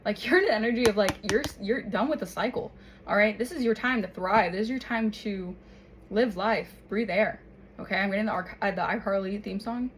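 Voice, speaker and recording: A woman talks her way through a tarot reading in a loose, chatty voice and keeps tagging her lines with little check-ins. Her pitch sits in a middle range. A faint hiss of noise runs under the recording. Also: a little fast, poor audio. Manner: chatty, tags lines with "okay?" and "all right?". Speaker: tarot reader. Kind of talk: casual spoken tarot reading.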